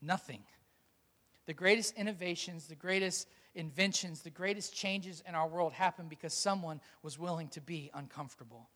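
A man's voice: on the high side, moderate pace, fairly bright tone, big-room sound. A male pastor preaching a sermon, emphatic, with repeated rhetorical questions.

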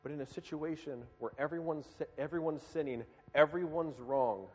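A man's voice: on the high side, normal speed, slightly rough, soft background music. Man preaching in a reverberant hall. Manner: dramatic, swings from loud pleading to hushed. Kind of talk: sermon storytelling.

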